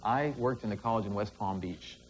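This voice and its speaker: A man's voice: on the low side, brisk, heavy background noise. A man on a game show, giving brief, plain answers.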